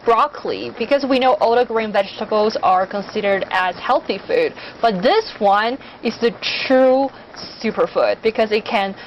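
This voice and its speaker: A woman's voice: a little high, moderate pace, hardly any pauses. A woman co-hosting a casual food chat at a restaurant table, eagerly explaining the dishes. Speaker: co-host. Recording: slightly dull sound with faint background noise.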